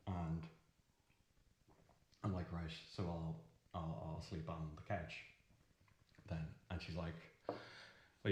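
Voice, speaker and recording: A young man confessing an awkward night. His voice sits very low and he stumbles through the story with restarts and uneasy laughter. The sound carries a roomy echo. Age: young adult. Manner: halting, many restarts and nervous laughs. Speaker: interviewee in a verbatim film. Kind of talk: confessional verbatim monologue.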